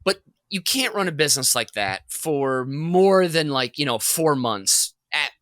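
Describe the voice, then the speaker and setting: A man co-hosting a comedy podcast, telling a long workplace story in an animated, rambling way and laughing as he goes. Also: a little high, a little slow, dry recording. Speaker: podcast co-host.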